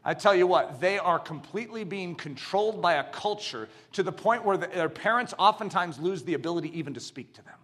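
A man preaching a sermon, telling stories with animation and building to emphatic shouts. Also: high voice, expressive, brisk, hardly any pauses. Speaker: pastor.

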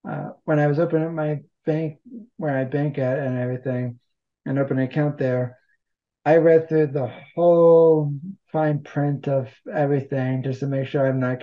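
A man's voice: mid-range voice, lo-fi sound. A man talking casually as an interview guest, rambling and poking fun at himself. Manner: rambling, self-deprecating humor. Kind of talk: casual conversation.

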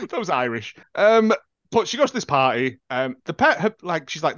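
A man's voice: fairly high pitch, big pitch swings, moderate pace, fairly bright tone, no echo. A man co-hosting a casual film-review chat, jokey and swearing, acting out scenes in quoted voices. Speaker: podcast co-host. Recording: dull lo-fi dry sound.

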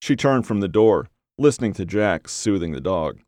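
A man reading a story aloud as narrator, with measured, deliberate phrasing. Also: lowish voice, very animated, darkish tone, dry recording, studio quality.

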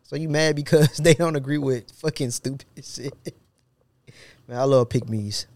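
A man's voice: mid-range voice, unhurried, a little mellow, dry recording. Blunt, joking man on a podcast. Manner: joking, blunt, breaks into laughter. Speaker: podcast co-host. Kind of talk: casual podcast chat.

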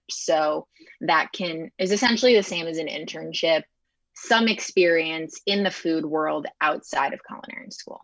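A young woman from Chicago, a chef and TV host, tells her career story as an interview guest. She talks fast and animated, with a fairly low voice for a woman, recorded dry and a little dull. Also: dry recording. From Chicago, United States. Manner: fast, animated, acts out quoted dialogue.

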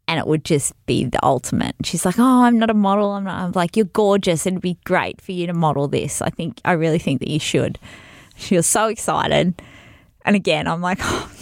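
Woman, podcast chat, storytelling, animated, laughs a lot, low gravelly voice, dry sound. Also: no echo. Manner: animated, laughs often, acts out quoted voices.

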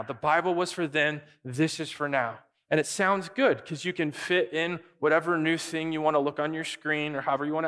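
Animated male pastor in a reverberant hall. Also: fairly high pitch. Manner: animated, acts out quick imagined dialogue. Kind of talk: sermon.

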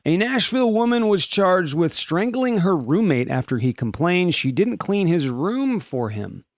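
A man's voice: sits high, a little slow, no echo, studio quality. A middle-aged man hosting a podcast, chatting casually and jokingly about odd news stories. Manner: joking, animated, puts on silly voices for quotes. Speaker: podcast host. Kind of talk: casual comedic news chat.

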